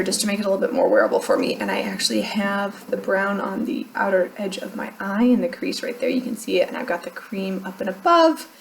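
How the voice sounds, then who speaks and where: A young adult woman chatting casually to her viewers about products she is using up. She talks in a loose, self-deprecating way and laughs often between thoughts. Her voice sits at an ordinary middle pitch. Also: vocal fry. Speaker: beauty vlogger. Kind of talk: casual chat.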